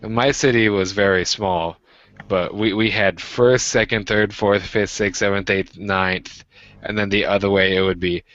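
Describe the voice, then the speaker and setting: A man's voice: fairly low pitch, fairly even intonation, unhurried, a bit bright, dry recording, highs cut off. A man, chatting and ranting with profanity as a podcast co-host. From Washington state, USA. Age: 20s. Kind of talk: casual chat.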